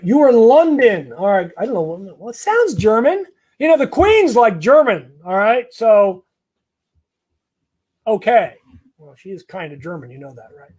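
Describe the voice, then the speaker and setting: A man's voice: high-pitched, a little mellow, husky. A man working as an immigration lawyer, answering viewer comments in a live Q&A in a blunt, conversational way with lots of fillers and restarts.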